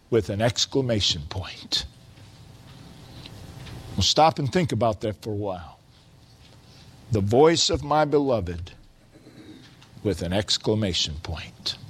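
A man preaching a sermon, quoting scripture slowly and building to loud, stretched-out exclamations. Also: medium pitch, slight background noise. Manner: slow, deliberate preaching with quoted scripture.

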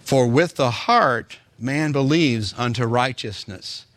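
A man's voice: medium pitch, slow, a bit bright, no echo. A male pastor preaching a sermon in a conversational way, with speech and rhetorical asides to the congregation.

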